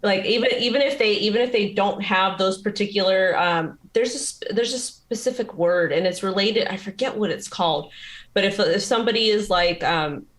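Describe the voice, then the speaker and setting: A woman co-hosting a casual chat, talking haltingly with many fillers and restarts. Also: medium pitch. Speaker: co-host.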